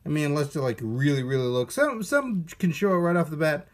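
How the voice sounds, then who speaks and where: A man's voice: on the high side, brisk. A middle-aged man hosting a casual live-stream toy unboxing on a phone camera, chatty and rambling as he greets viewers.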